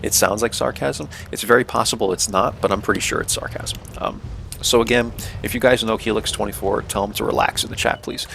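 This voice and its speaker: This young man's voice is low, bright and forceful, with vocal fry, fairly even intonation and a fairly quick pace, plus a little hiss or hum. In a North American accent, he casually comments on his own tank game, explaining tactics amid frequent "um," "right?" and "man."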